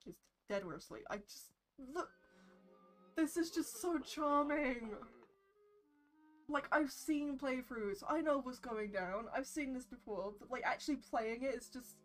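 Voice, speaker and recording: A woman streaming a video game, chatting casually, gushing excitedly and swearing now and then. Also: fairly high pitch, moderate pace, hardly any pauses. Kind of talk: casual gameplay stream chat. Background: game music.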